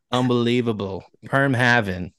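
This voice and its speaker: A man's voice: mid-range voice, slow pace, fairly bright tone, no echo, clean studio sound. A man co-hosting a casual movie podcast, playful and giggly. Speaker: podcast co-host. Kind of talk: casual chat.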